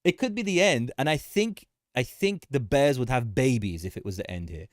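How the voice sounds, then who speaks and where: Animated man hosting a market livestream. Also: mid-range voice, normal speed, dry recording, clean studio sound. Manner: animated, repetitive, joking, laughs often. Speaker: livestream host. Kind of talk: casual market commentary livestream.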